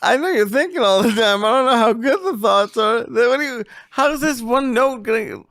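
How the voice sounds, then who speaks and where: A man's voice: extremely high pitch, a little fast, a bit bright, no room sound. A man co-hosting a podcast, answering in short dry replies and teasing questions in casual chat. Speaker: podcast co-host.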